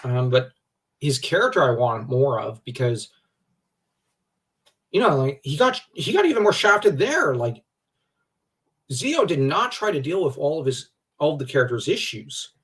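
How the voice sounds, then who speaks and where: A man's voice: mid-range voice, measured pace, pauses often. Rambling man, a bit off-mic. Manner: animated, rambling, many fillers and restarts. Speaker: livestream co-host. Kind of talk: casual fan discussion. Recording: distant from the mic.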